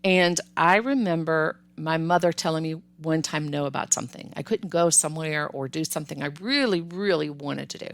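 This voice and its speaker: An older woman hosting a parenting podcast, giving advice in a calm, firm, instructive way with repeated emphasis. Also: sits low, moderate pace, creaky, hardly any pauses, no room sound.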